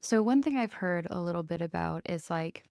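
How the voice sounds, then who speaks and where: A woman's voice: lowish voice, expressive, normal speed, vocal fry, a little mellow, clean tone, no room sound, clean studio sound. A woman hosting a podcast, asking questions in a chatty, casual way with lots of "like.". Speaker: podcast host. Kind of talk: casual interview chat.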